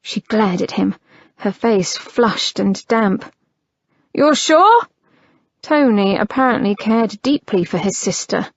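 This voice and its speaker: A woman narrating an audiobook in a measured, unhurried reading, on a slightly muffled recording. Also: mid-range voice, slightly rough, no room sound.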